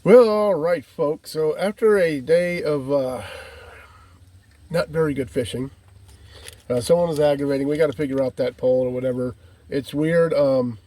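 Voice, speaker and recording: Filming on a handheld phone by the water and in his van, this man addresses viewers as "folk" in a loose, folksy vlog chat. His voice is a little high, with a dark tone.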